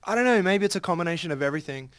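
A man's voice: high-pitched, animated, very fast, no echo, clean studio sound. A man in a band chatting upbeat in an interview, laughing often. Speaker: band member. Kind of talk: casual interview chat.

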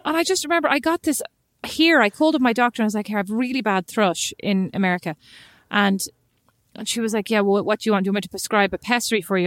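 A woman co-hosting a podcast in casual, animated, teasing chat. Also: medium pitch, dry recording. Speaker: podcast co-host.

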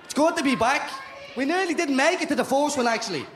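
A man's voice: very high-pitched, animated, fast, music in the background. A man with a Dublin Irish accent co-hosting a live comedy podcast, teasing the audience with cheeky, swearing banter. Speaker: podcast co-host. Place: stage of a live show in a theater. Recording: echoey live venue with a noisy crowd.

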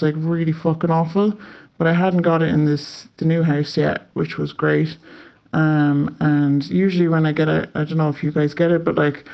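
A man's voice: a little high, gravelly. A young man with an Irish accent casually telling a story. He swears freely and fills his talk with "like". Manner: chatty, swears often, many filler "like"s. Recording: slightly muffled lo-fi audio.

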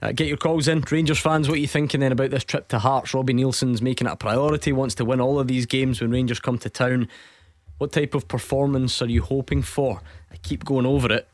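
A Scottish man hosts a football phone-in from a studio, measured and even-handed as he weighs a caller's complaints. The sound is close and dry. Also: mid-range voice, no echo. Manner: measured, reasonable, reads out numbers. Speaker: radio host. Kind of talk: radio phone-in hosting. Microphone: studio mic.

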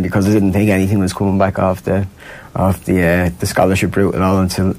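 A man's voice: deep voice, completely flat delivery, fast talker, a little mellow. Rambling Irish man telling stories. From Ireland. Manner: rambling, laughs often, many restarts. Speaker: guest. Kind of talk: casual storytelling chat.

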